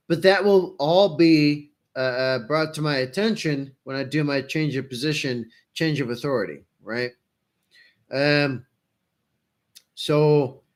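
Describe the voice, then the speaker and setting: A man thinking aloud with many fillers and restarts. He talks at an unhurried, slow pace in a slightly high voice. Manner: rambling, halting, many fillers. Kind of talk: casual reaction commentary.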